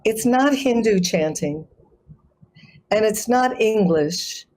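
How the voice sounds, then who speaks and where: A woman who teaches chanting, explaining pronunciation and demonstrating sounds slowly in a conversation over a video call. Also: medium pitch, lively intonation, darkish tone, low-quality recording. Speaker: guest, sacred chant artist and yoga teacher.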